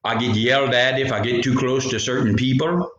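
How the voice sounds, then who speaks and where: Brief: man spinning a folk tale, joking asides, mid-pitched voice, roomy echo. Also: steady tone, brisk, fairly bright tone, dull audio. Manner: rambling, jokey asides. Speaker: storyteller. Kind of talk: folksy storytelling.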